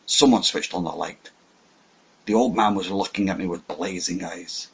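Male audiobook narrator, lowish husky voice, measured dramatic delivery; muffled recording. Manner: measured, dramatic first-person reading. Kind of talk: scripted narration. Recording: dull lo-fi audio.

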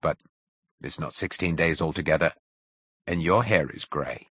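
A male reader voicing a hoarse, wary soldier who has survived in hiding, speaking in terse, guarded lines. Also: rumbling low, moderate pace, fairly bright tone, dry recording, heavily acted. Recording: dull, dry audio.

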